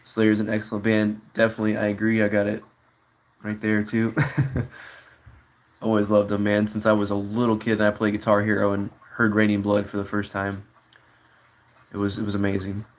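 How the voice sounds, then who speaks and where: A man's voice: lowish voice, monotone, normal speed, pauses often. A young man casually chatting on a live stream, reading chat messages aloud and answering them in a laid-back way.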